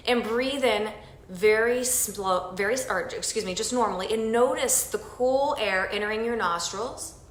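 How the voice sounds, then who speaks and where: A woman teaching yoga, gently and calmly guiding a breathing exercise with counts. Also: mid-range voice, roomy sound, rough recording. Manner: gentle, calm and encouraging. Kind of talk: guided breathing lesson.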